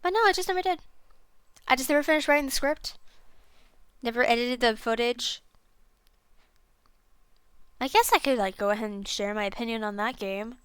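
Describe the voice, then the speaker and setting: A woman's voice: on the high side, normal speed, long pauses, clean tone, dry recording. A young woman streamer chatting casually about a game she played, rambling and self-deprecating with lots of fillers. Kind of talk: casual game review chat.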